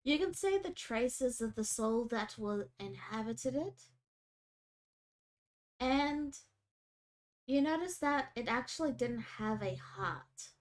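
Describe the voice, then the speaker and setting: A woman runs a tabletop game, describing creatures and outcomes in casual narration. Her voice sits a little high. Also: lively intonation, takes it slowly, pauses often. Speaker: game master.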